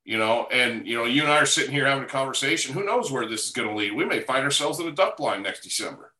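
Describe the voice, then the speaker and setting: A man's voice: mid-range voice, animated, fast talker, pushed and bright. A man in casual conversation, agreeing and reflecting emphatically. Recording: echoey room.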